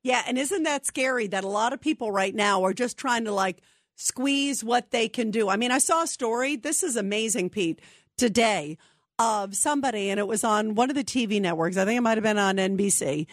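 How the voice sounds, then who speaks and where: A woman hosting talk radio, her voice a touch high and animated. She speaks with indignation and often restarts her sentences. The sound is close and dry from a studio mic. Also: fairly quick, dry recording. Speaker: radio talk show host.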